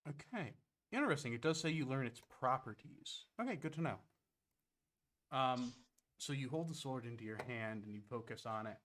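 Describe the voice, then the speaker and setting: A man's voice: medium pitch, animated, moderate pace, fairly bright tone. A man narrating as game master of a tabletop game, casual and hesitant with fillers.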